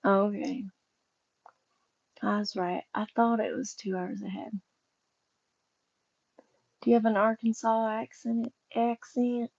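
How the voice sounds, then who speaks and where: A woman's voice: on the high side, little pitch movement, slow, vocal fry, pauses often, a little mellow, dull audio. A woman livestreaming, chatting casually and rambling with her viewers while she sorts boxes, and greeting them by name.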